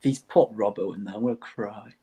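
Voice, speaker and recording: A man's voice: on the low side, brisk, dark tone. A man, a referee guest on a live stream, joking dryly, swearing casually and enjoying banter. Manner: dry, swearing, banter-loving.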